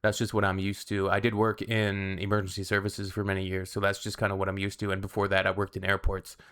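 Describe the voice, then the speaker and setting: A man's voice: low-pitched, monotone, fast, fairly bright tone. A man hosting a reaction channel, chatting casually with wry, sarcastic asides. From Canada.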